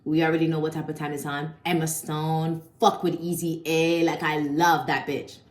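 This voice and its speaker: A woman with a notably low voice talks through a film review in a loose, slangy way, swearing freely. The sound is roomy and echoey. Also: little pitch movement, normal speed. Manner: chatty, slangy and profane. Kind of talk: casual video review. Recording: echoey room.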